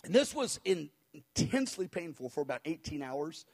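Man, husky voice, pitched high, lively storytelling, acts out the voices he quotes. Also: moderate pace. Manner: acts out the people he quotes, with cries and hushed voices. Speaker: storyteller recounting a spiritual experience. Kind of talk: animated personal testimony.

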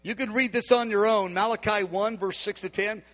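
High-voiced man preaching in an echoing hall. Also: steady tone, normal speed, a bit bright. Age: 50s. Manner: emphatic, acts out dialogue in quotes. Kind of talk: sermon. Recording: long hall reverb.

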